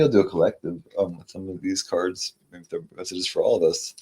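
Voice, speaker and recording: A man giving tarot card readings in a casual livestream chat with viewers, rambling and stammering through restarts, and reading card messages aloud slowly. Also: sits low, steady tone, darkish tone, breathy edge. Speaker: tarot reader.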